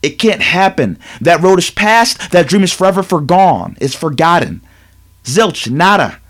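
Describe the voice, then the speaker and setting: High, animated male sports talk host. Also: measured pace. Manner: emphatic, repetitive, lecturing. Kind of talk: animated sports commentary monologue.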